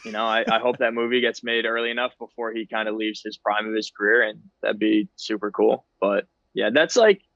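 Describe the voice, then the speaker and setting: A man's voice: fairly low pitch, fairly even intonation, fairly quick, gravelly, hardly any pauses, a bit bright, no room sound, muffled recording. A man in his thirties, a guest on a podcast, talking in an easygoing, self-deprecating way. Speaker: guest ballplayer. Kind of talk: casual interview chat.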